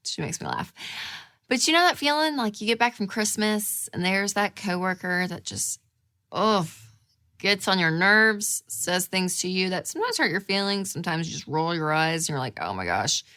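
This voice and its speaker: At a normal speed, a thirtysomething woman hosting a show addresses the camera in a casual, lively manner. Her acted-out inner voices swing sharply up and down in pitch.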